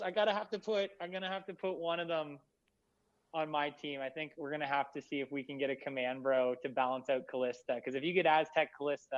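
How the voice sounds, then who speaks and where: A man hosts a casual podcast chat and rambles on in a hyped way, with plenty of fillers. His voice sits a touch high. The audio is a little dull and lo-fi. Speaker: podcast host.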